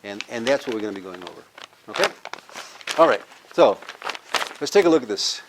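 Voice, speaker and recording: A man's voice: lowish voice, big pitch swings, a little fast, background noise. A man, a university professor, giving a live language lecture, explaining step by step and having the audience repeat words after him. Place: cultural center with a live audience.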